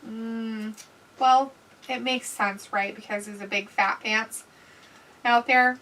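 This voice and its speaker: A woman's voice: a little high, fairly even intonation, slow, a bit bright, recorded from a distance, low-quality recording. Crude joking woman on a live stream. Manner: crude, joking, reads chat comments aloud. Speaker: co-host reacting to a wrestling show. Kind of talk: casual live-stream commentary.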